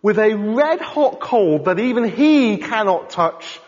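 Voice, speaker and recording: A man preaching a sermon in an animated, conversational way, often asking his congregation questions. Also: high-pitched, takes it slowly. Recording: dull sound in a reverberant hall.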